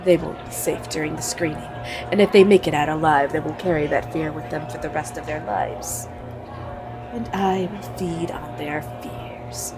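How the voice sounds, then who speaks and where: A woman voicing a sinister, fear-obsessed male film director, whispered role-play with a slow menacing hush. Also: low-pitched, steady tone, over music.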